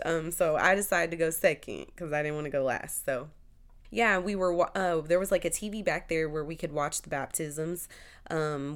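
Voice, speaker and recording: A young woman hosts her podcast in a chatty, heartfelt monologue, full of "um" and "like." Her voice sits somewhat low and sounds smooth and clear. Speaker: podcast host.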